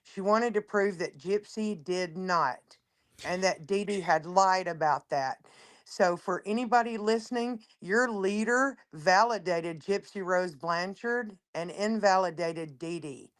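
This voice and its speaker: A woman calling in to a livestream, talking quick, urgent and emphatic. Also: lowish voice. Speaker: caller. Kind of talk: call-in on a livestream.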